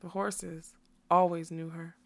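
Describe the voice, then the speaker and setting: A woman narrating a fantasy story aloud in a soft, measured reading voice. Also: fairly low pitch, level tone, vocal fry. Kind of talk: audiobook narration.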